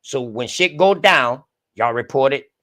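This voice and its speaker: A man's voice: medium pitch, animated, unhurried, bright, forceful tone. A man hosting an online group call, telling a story in casual, profane street talk and acting out the voices of the people in it.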